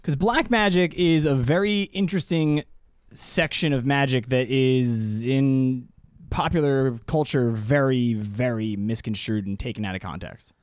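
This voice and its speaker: Thirties male podcast co-host, medium pitch, rambling casual delivery, dead dry sound. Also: measured pace, no echo. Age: 30s. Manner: loose, profane, rambling with restarts.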